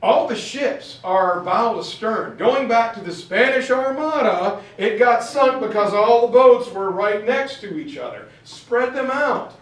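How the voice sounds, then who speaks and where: A man's voice: very high voice, animated, unhurried, hardly any pauses, pitched above the performer's own voice. A man voicing a blunt, impatient male army general who scolds in a raised, emphatic voice. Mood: scolding. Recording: very echoey room, far from mic.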